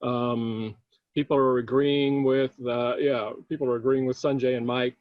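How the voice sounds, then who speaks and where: A man's voice: medium pitch, little pitch movement, moderate pace, phone-quality sound, a little hiss or hum. A man on a panel reading out audience comments and answering with short, affirming yeahs. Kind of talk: casual panel discussion on a video call.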